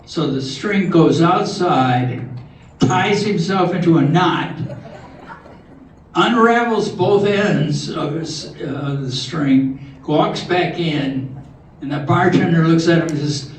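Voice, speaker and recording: An older man telling corny jokes at a talent show in a slow, halting way, often restarting his words. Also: a little high. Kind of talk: stand-up joke telling. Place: large hall with live audience. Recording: echoey hall from far off, audience noise.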